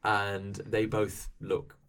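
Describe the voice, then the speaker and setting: Guy gm narrating a tabletop game, lowish voice, easygoing and full of ums. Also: clean tone, far from the mic. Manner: relaxed, halting, many fillers. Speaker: game master.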